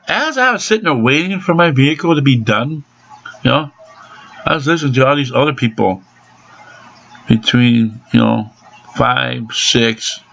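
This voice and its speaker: Pissed off guy with a low gravelly voice swearing nonstop, dull lo-fi sound. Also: a bit bright. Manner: angry, cursing constantly. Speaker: car repair vlogger. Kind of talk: profane venting monologue.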